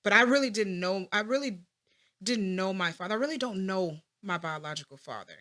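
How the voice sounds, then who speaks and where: A woman in her thirties speaks as an interview guest, recalling her childhood in a reflective, halting way. Her voice is bright and forward, and her pitch sits in an ordinary middle range. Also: animated. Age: 30s. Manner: reflective, halting, with many fillers and restarts. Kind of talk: personal interview.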